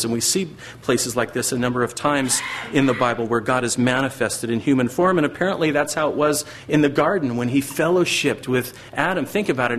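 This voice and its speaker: A middle-aged man preaching a sermon earnestly, now and then acting out the voices of biblical figures. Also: medium pitch. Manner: earnest, acts out voices of God and Satan. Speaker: pastor.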